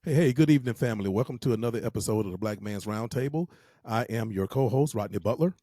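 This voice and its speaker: A man's voice: on the low side, fast, warm tone, no echo. A man with a Southern US accent co-hosting an interview show in a loose, jokey way, sometimes tripping over his words. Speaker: co-host.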